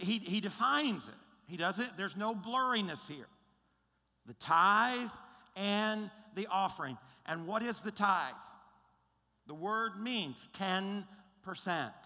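A man's voice: high-pitched, pushed and bright. A male pastor preaching a sermon in an emphatic, conversational way, often checking in with his listeners. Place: large church auditorium. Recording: long reverb of a large hall.

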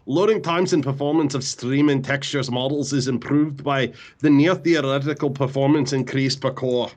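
A man's voice: mid-range voice, moderate pace, pitched above the performer's own voice, close to an everyday voice. A man doing a Scotty-style Scottish engineer. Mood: technical boast. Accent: Scottish, put on. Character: Scotty-style engineer, middle-aged male, technical.

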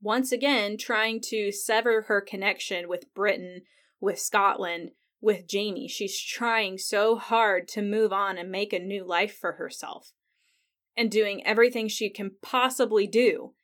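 A woman's voice: medium pitch, a little slow, a bit bright. A woman hosting a podcast who talks casually about a TV episode, using "like" a lot and retelling scenes with feeling. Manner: chatty, says "like" often, retells scenes with feeling. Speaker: podcast host. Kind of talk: casual TV recap commentary.

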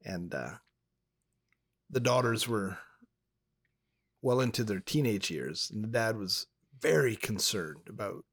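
A man co-hosting a casual podcast, telling a long joke in an animated way and jumping into loud, high voices for the characters. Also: measured pace, long pauses, slightly rough. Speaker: podcast co-host.

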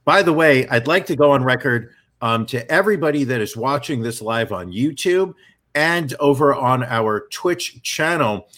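A man's voice: animated, moderate pace, fairly bright tone. A middle-aged man co-hosting a casual podcast, chatting and bantering. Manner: booming mock radio-announcer voice. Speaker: podcast co-host.

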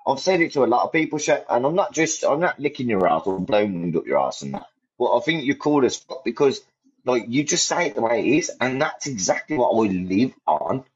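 A man's voice: mid-range voice, sing-song, fairly quick, breathy edge. A man hosting a podcast, talking bluntly and swearing a lot, repeating himself for emphasis. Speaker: podcast host. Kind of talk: heated casual chat. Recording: dull lo-fi audio.

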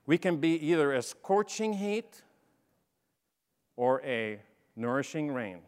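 A man's voice: a little high, sing-song, takes it slowly, smooth. Middle-aged man giving a storytelling talk. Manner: storytelling, swings from quiet to loud emphatic bursts. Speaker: speaker. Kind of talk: motivational leadership talk. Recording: long hall reverb.

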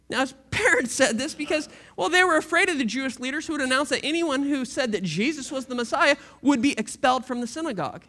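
Bright, high-voiced preacher. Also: male voice, lively intonation, fast, hardly any pauses. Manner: playful storytelling, acting out the scripture with voices. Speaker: pastor. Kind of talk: sermon.

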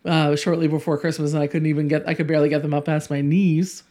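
A woman's voice: deep voice, little pitch movement, quick pace, dark tone. A woman co-hosting a podcast, chatting casually and telling stories with frequent laughs. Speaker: podcast co-host. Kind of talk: casual chat.

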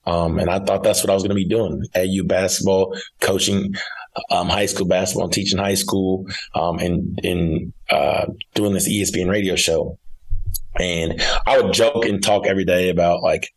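A man's voice: sits low, fairly even intonation, normal speed, breathy edge, low-quality recording. A young man from Arkansas, a college basketball coach telling his career story in a casual interview, often repeating and restarting his words. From Arkansas, United States.

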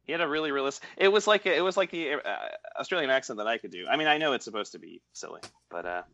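Fast sarcastic man with a lively voice. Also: medium pitch. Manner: sarcastic, rambling, repeats himself. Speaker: podcast co-host. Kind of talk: casual film podcast chat. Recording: dull lo-fi dry sound.

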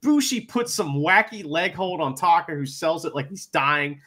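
Male co-host, bright and animated, swears freely, casual recap delivery. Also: on the high side, moderate pace, hardly any pauses. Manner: excitable, swears a lot, plays out wrestlers' shouts. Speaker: podcast co-host. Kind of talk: casual match recap chat.

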